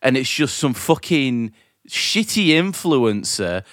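A man's voice: mid-range voice, very animated, slow pace, fairly bright tone, dry recording, clean studio sound. A man from Britain ranting in casual chat, swearing a lot and laughing often.

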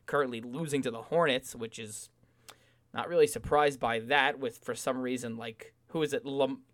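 A man's voice: medium pitch, fairly even intonation, moderate pace, fairly bright tone. A man co-hosting a casual sports podcast, talking animatedly and mocking fans with sing-song asides.

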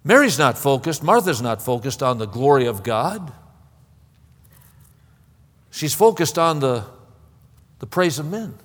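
A man's voice: mid-range voice, very animated, measured pace, pauses often, fairly bright tone. A man preaching a sermon in an impassioned way, often stammering and repeating words. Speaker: pastor. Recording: long hall reverb.

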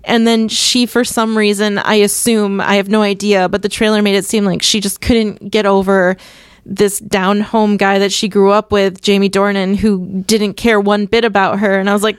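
A woman's voice: medium pitch, level tone, moderate pace, clean tone, dry recording. Young woman podcaster rambling her opinions, dead dry mic, no room at all. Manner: chatty, opinionated, rambling with restarts. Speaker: podcast co-host. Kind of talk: casual chat.

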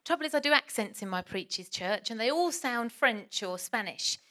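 A woman's voice: fairly high pitch, lively intonation, normal speed, pushed and bright. Chatty woman preaching. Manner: chatty, self-deprecating storytelling. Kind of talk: sermon with personal story.

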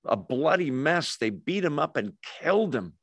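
A male pastor preaching a conversational sermon, acting out quoted voices with lively asides. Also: on the high side, normal speed, husky, dry recording.

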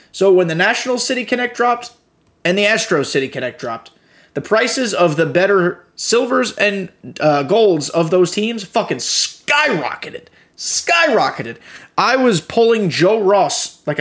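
Young male podcast host with a slightly raised pitch, casual and profane gaming chatter. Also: a bit bright. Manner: loose and profane, with frequent fillers.

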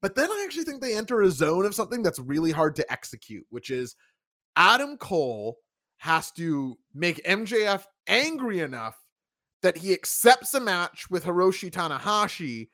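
Animated, emphatic man on a dry mic. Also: sits high, moderate pace, no echo. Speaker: podcast host reviewing wrestling. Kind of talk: casual chat.

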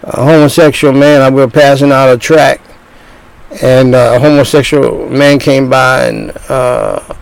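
A man's voice: medium pitch, steady tone, measured pace, vocal fry, no room sound, poor audio. An older man in his sixties preaching a sermon as a pastor, talking in bursts with repeated words and restarts.

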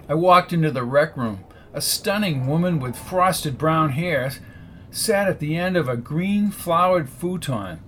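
A man's voice: on the high side, animated, measured pace, fairly bright tone, a little hiss or hum. A man narrating a first-person hard-boiled detective story in a wry, laid-back way.

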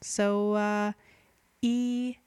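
A woman's voice: mid-range voice, flat delivery, extremely slow, a little mellow, smooth, dry recording, clean studio sound. A woman hosting a comedy podcast, rambling and forgetful, cutting herself off mid-thought. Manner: rambling, self-interrupting, forgetful. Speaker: podcast host. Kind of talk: deadpan comedic podcast monologue.

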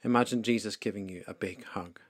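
A man leading a guided meditation for listeners, speaking slowly, calmly and softly with pauses. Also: lowish voice, no room sound, clean studio sound. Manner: slow, calm, soft-spoken with pauses. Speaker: devotional leader.

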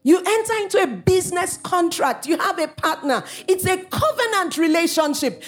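A woman from Africa preaching a sermon, animated, with playful asides and acted-out quotes. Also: very high voice, a little slow.

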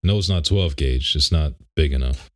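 A man's voice: a bass voice, normal speed. A young man co-hosting a podcast, chatting in a laid-back, rambling way and laughing often. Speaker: podcast co-host. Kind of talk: casual chat. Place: home office.

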